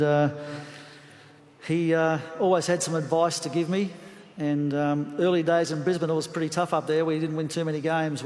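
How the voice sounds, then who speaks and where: Australian man, sixties, slightly high voice, anecdotal memorial speech, halting fillers, long hall reverb. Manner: warm storytelling with hesitant fillers and restarts. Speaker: football coach giving a eulogy. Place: large funeral venue.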